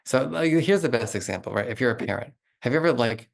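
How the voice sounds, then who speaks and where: A middle-aged man talking as a guest expert in an interview, animated and explanatory, with lots of "like" fillers. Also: medium pitch, quick pace, gravelly. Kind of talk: conversational interview.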